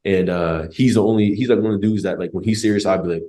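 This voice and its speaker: A young man with a deep, low voice tells a story as a podcast guest. He talks quickly and loosely, full of slang, jokes and swearing. His delivery stays casual and laid-back. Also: steady tone, warm tone. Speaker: podcast guest, former college football player.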